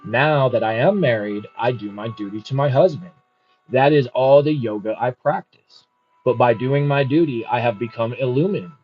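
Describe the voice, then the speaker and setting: A man voicing a humble, wise housewife who speaks plainly, calmly and firmly. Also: medium pitch, normal speed, husky, natural voice. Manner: plain, calm and firm. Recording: muffled with faint music.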